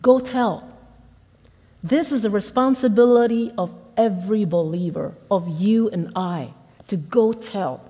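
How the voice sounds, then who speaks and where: A woman pastor preaching a conversational, animated sermon and acting out the people in her stories. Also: mid-range voice, measured pace, in a large hall. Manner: conversational, animated, acts out quotes.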